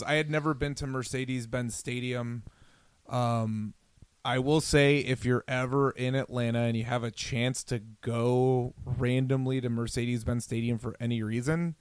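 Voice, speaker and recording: A man's voice: mid-range voice, clean tone, no echo. A man co-hosting a podcast, chatting casually and enthusiastically, often laughing as he talks. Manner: enthusiastic, laughs while talking. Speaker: podcast co-host.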